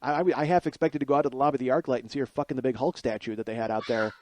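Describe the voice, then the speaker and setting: A man's voice: medium pitch, fairly even intonation, rapid-fire, darkish tone, a little hiss or hum. A man in his forties, a podcast host, telling a comic personal story in a profane, rambling, self-deprecating monologue. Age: 40s.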